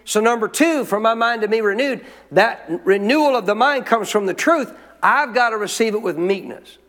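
A man's voice: high-pitched, normal speed, fairly bright tone. A male pastor preaching a sermon in a church, emphatic, calling out to the congregation for responses. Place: church sanctuary. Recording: long hall reverb.

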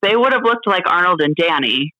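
A woman speaking as an interview guest, candid and halting, full of fillers and restarts, laughing now and then. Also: on the low side, expressive, no echo, dull audio. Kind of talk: casual interview chat.

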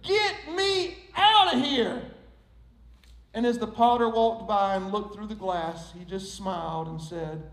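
Casting: man playing a whiny, suffering teacup, very high, roomy echo. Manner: storytelling, rising to high pleading cries. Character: old teacup, male, long-suffering and wondering.

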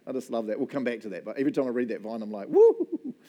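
Joking New Zealand pastor, mellow voice. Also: male voice, medium pitch, racing. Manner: jokey, animated storytelling with self-deprecating asides. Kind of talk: casual sermon. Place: church.

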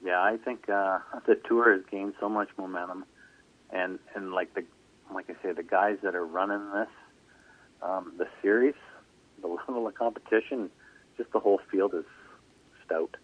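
A racing driver calling in to a radio show, talking haltingly and often saying "like I say.". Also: male voice, deep voice, fairly even intonation, slightly rough. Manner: halting, repeats "like I say". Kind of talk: phone-in radio interview. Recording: tinny phone line.

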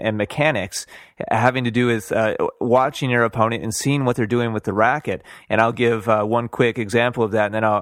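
A man's voice: medium pitch, a bit bright, dry recording, studio quality. A man hosting a radio talk show, explaining tennis tactics and handing questions to his co-host.

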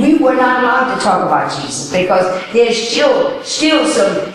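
An older woman preaching her testimony in an animated way, often firing questions at the audience. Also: on the high side. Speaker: speaker giving her testimony. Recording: echoey hall, voice from far off.

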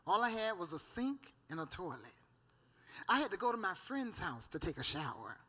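Woman, church testimony, preaching, fervent, amen and hallelujah, storytelling, bright tense voice. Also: lowish voice, sing-song, normal speed, husky. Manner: storytelling, often laughing. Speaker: guest giving a church testimony.

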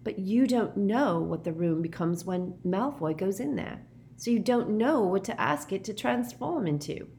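A woman's voice: mid-range voice, animated, a little slow, creaky, a little mellow, a little hiss or hum, voice pushed up. A woman voicing a clever, careful teenage girl witch who explains things step by step. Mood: thoughtful. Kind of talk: audiobook character voice.

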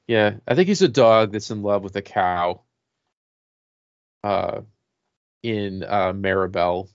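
A man's voice: lowish voice, slow pace, no room sound, dull audio. A man hosting a casual comedy podcast, loose and profane, laughing often. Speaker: podcast host.

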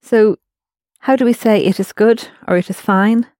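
A woman's voice: medium pitch, moderate pace, a little mellow, dry recording, clean studio sound. Woman teaching in a patient, prompting way. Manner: patient, prompting students with questions. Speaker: language teacher. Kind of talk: classroom explanation.

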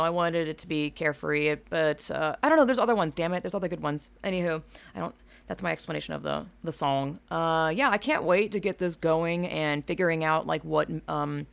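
A woman from Georgia rambles through her solo podcast, swearing freely and poking fun at herself. Her voice sits low with a gravelly fry. She gets animated and loud as she talks. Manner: rambling, profane, self-mocking. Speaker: podcast host. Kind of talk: casual solo podcast monologue.

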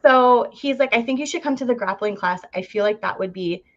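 A young woman from Ontario, Canada, guests on a podcast, her voice fairly high and fairly quick. She tells her story in a chatty, animated way, packed with "like" fillers and acted-out quoted voices. The audio is dull and lo-fi.

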